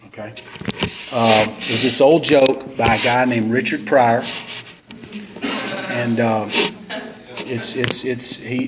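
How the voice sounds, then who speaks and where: A man's voice: mid-range voice, fairly bright tone. A man giving a rambling, joking, self-deprecating talk at a recovery meeting. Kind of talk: casual storytelling talk. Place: meeting room of a club. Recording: roomy hall sound with faint noise.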